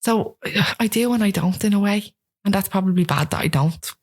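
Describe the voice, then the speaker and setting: A woman's voice: medium pitch, brisk. A woman in her thirties with a Dublin accent, telling stories in a casual interview chat and acting out what people said. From Ireland. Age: 30s. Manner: animated storytelling, acts out quoted voices. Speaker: guest.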